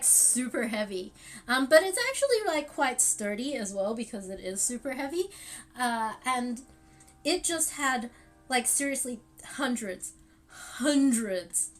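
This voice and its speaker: A young woman chats casually on a live stream, her voice sitting a little high. She rambles through her story with plenty of fillers and breaks into laughter now and then. Faint music plays underneath. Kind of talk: casual livestream chat.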